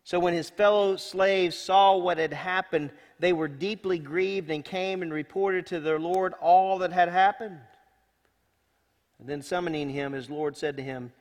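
A senior pastor preaching a sermon and reading scripture aloud, in a folksy, emphatic way that swings between loud and hushed. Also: male voice, high voice, measured pace. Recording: long hall reverb.

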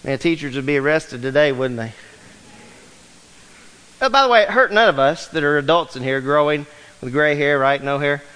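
High-voiced preaching man in a reverberant hall. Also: moderate pace, pauses often, fairly bright tone, clean tone. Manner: emphatic preaching with rhetorical questions. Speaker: pastor. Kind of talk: sermon. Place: church sanctuary. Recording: long reverb of a large hall.

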